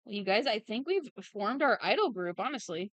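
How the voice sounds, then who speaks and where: A woman's voice: mid-range voice, very animated, a little fast, a bit bright, dry recording. A woman in her thirties hosting a livestream, chatting playfully and reading out chat messages while she draws. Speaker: livestream host.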